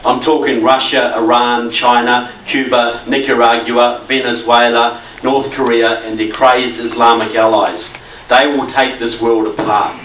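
A man's voice: medium pitch, flat delivery, measured pace, a bit bright, a little hiss or hum. A man from New Zealand with a New Zealand accent, giving a conversational but emphatic public talk as guest speaker. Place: meeting hall. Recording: echoey hall, mic from far off.

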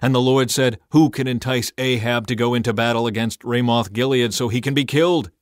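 A man's voice: mid-range voice, steady tone, brisk, dry recording, clean studio sound, natural voice. Micaiah, a man reading as a stern prophet. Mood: firm. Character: defiant male prophet, stern and unbending.

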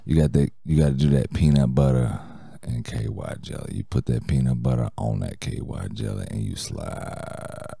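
Brief: a man as a raunchy late-night radio DJ, very deep and gravelly, swaggering jive. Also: normal speed, dry recording, exaggerated voice. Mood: crude. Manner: loud, swaggering, vulgar jive banter. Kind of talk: improvised parody radio show.

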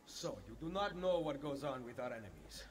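Male actor for a calm, wry assassin in a game cutscene, soft background ambience. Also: mid-range voice, a little fast, slight background noise, natural voice. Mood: probing. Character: Ezio, shrewd male Italian assassin. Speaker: game character.

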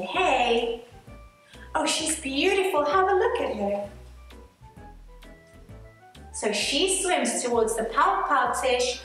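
Woman teacher, storybook reading, sing-song, high voice, slow, echoey room. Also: fairly bright tone, distant mic. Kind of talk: reading a picture book aloud. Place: school. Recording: echoey room, faint music.

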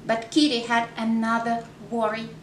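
Woman children's story reader; high, slow, animated sing-song delivery; echoey room, faint noise. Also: recorded from a distance. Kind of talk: reading a picture book aloud to children.

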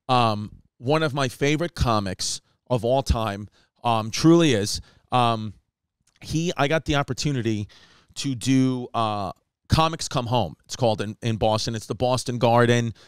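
A man from New York, a comedian hosting a podcast, telling stories in casual chat and jumping up in pitch for quoted voices. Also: normal speed, clear, resonant tone, dry recording, studio quality.

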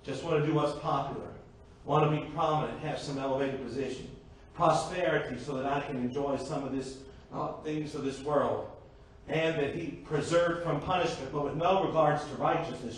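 A man's voice: fairly high pitch, a little hiss or hum. A man preaching a sermon to a congregation, asking rhetorical questions and slipping in joking asides. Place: church sanctuary. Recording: echoey church from far off.

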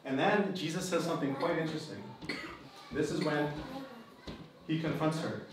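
A man's voice: a little high, fairly even intonation, normal speed. Male pastor, emphatic and repetitive, miked from far off with room noise. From Philippines (Kapampangan). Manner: emphatic, repeats key phrases. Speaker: pastor and host. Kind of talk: sermon to a live group. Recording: echoey room, distant mic, background noise.

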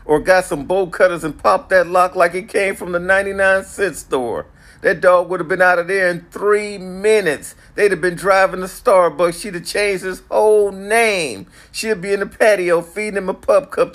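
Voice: mid-range voice, normal speed, fairly bright tone. A comic delivering a mocking, incredulous rant to camera. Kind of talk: comedic rant.

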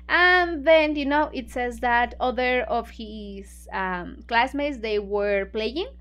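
High-voiced, slow-talking woman teacher. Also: expressive, a bit bright. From Mexico. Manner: conversational, many fillers, explains words in Spanish. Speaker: book club teacher. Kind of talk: retelling a story for English learners.

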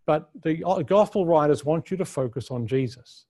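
A man teaches a conference session on the Bible with a somewhat high voice. His delivery is earnest and unscripted, and he often restarts his sentences as he works out his point. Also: normal speed, mellow. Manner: earnest, thinks aloud with frequent restarts and fillers. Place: conference room.

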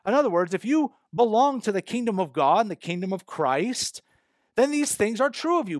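A male pastor delivers a sermon in a conversational, explanatory way, pressing hard on key words. His voice sits a bit high for a man. The sound is dry and close, with little room in it. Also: sing-song, moderate pace, no echo. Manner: explanatory, conversational preaching with emphatic stresses. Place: church.

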